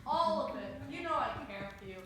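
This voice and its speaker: A woman's voice: high voice, expressive, brisk, a bit bright. A woman acting an awkward teenage boy wooing a girl on stage. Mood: earnest. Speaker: student actor. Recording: distant, echoey stage with hiss.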